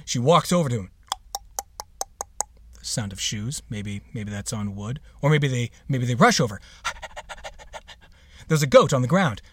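A man's voice: mid-range voice, expressive, a little slow, pauses often, fairly bright tone, a little hiss or hum. A man hosting a podcast, introducing the episode in a casual, playful way with sarcastic asides. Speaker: podcast host.

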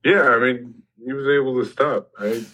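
A man's voice: medium pitch, moderate pace, sharp tone, low-quality recording. A man talking as a podcast guest in a loose, joking way, full of fillers like "like" and "you know". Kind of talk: casual podcast chat.

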